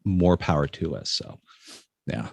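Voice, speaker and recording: Deep-voiced middle-aged man with a lisp. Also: lively intonation, a little slow, vocal fry, darkish tone, husky, no echo. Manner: slight lisp from a chipped tooth. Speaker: podcast co-host. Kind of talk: casual chat.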